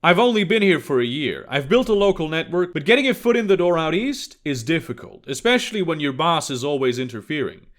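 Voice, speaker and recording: A man's voice: on the high side, big pitch swings, a little fast, few pauses, a bit bright. A man voicing an earnest young American spy, explaining plainly.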